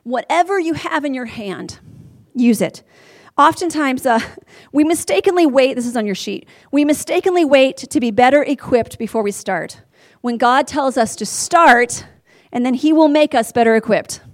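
A woman preaching a sermon, animated and earnest, talking straight to her listeners. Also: high voice, normal speed.

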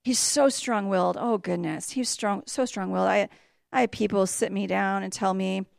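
A middle-aged woman giving a sermon to a congregation, telling stories that move between hushed asides and loud outbursts. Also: mid-range voice, steady tone, moderate pace, gravelly, no echo, studio quality. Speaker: church speaker and mother.

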